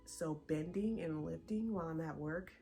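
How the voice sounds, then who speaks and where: A young woman vlogger chatting casually to her viewers, a bit out of breath and animated. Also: deep voice, moderate pace, creaky, faint music behind. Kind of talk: casual chat to camera.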